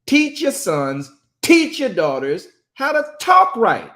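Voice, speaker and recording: This host-minister preaches on his talk show with an extremely high, bright, forceful voice that swings hugely in pitch. He's emphatic, lengthens words for stress, and quotes voices.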